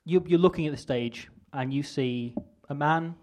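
A man on stage doing a stand-up parody of a politician, awkward and self-deprecating, with halting restarts. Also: on the high side, a little mellow. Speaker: comedian in a mock political speech. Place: stage before a live audience.

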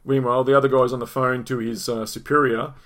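A man's voice: mid-range voice, level tone, fast talker, a bit bright. A middle-aged Australian man hosting a podcast, telling a story in a rambling, profane way, repeating words and restarting sentences. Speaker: podcast host. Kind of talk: casual storytelling monologue.

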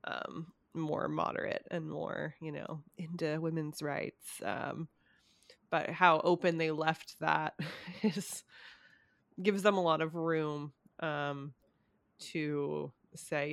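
A woman's voice: low voice, little pitch movement, slow, creaky, no echo, clean studio sound. A young woman in a casual conversation about current events, hesitant with many ums and small laughs.

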